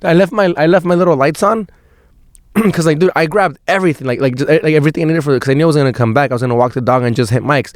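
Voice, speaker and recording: Speaking rapid-fire in a fairly high voice, a young podcast host spins a loose, slangy yarn thick with "dude" and curse words. The sound is clean studio audio without room noise.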